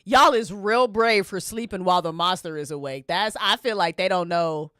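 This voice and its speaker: A woman's voice: fairly low pitch, normal speed, fairly bright tone, no room sound, studio quality. A woman hosting a casual livestream, reading game events aloud and reacting with frequent laughter and swearing.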